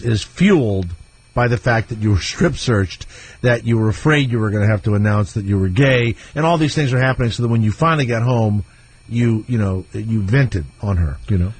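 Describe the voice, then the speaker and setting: A man's voice: mid-range voice, a little fast, a little hiss or hum. A man hosting a radio talk show, asking a guest teasing, probing questions. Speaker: radio host. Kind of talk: casual radio interview.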